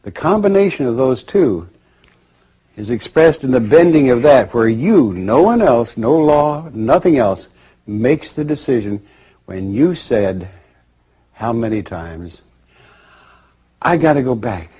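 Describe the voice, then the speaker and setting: Husky, animated male storyteller. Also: medium pitch, measured pace. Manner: storytelling, animated, with voiced characters. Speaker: lecturer. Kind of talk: spoken lecture with acted dialogue.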